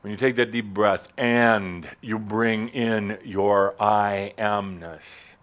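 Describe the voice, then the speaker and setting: A man giving a spiritual talk to a live audience in a hall, playful and provocative, with big sudden leaps in pitch and loudness. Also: steady tone, takes it slowly. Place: warm hall with doors, in front of an audience.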